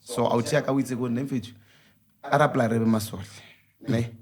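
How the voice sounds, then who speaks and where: Brief: male football guest, mid pitch, lively storyteller. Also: fast talker. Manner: animated, code-switching between English and Sotho. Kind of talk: casual chat.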